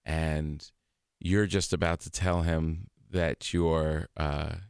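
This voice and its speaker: A man guest on a radio show, chatting casually and telling animated stories, laughing often, in a studio. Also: rumbling low, slow, smooth, no echo. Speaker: comedian guest. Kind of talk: casual interview chat.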